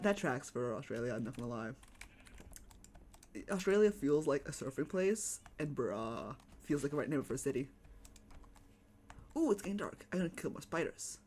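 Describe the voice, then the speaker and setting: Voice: medium pitch, darkish tone, a little hiss or hum. A streamer in a laid-back, slangy live-stream chat with viewers while gaming, musing aloud. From United States.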